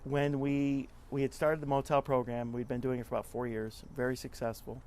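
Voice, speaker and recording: A man's voice: medium pitch, little pitch movement, fairly quick, darkish tone, slight background noise. A man guest in an interview, telling stories in an earnest, conversational way and often repeating words as he talks. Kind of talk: conversational storytelling.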